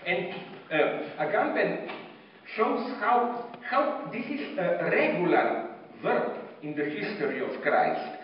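A man giving an animated, digressive public lecture with many fillers. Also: high-pitched, takes it slowly, a little hiss or hum. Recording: distant mic in echoey hall, dull sound.

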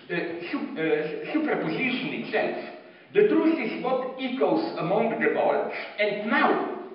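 A man giving an animated, digressive public lecture with many fillers. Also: sits high, slight background noise. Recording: distant mic in echoey hall, dull sound.

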